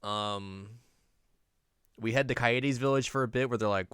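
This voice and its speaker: A man's voice: medium pitch, unhurried, fairly bright tone, clear, resonant tone, dry recording, clean studio sound. A man co-hosting a podcast, recapping an anime episode in casual chat and slipping into goofy quoted character voices. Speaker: podcast co-host.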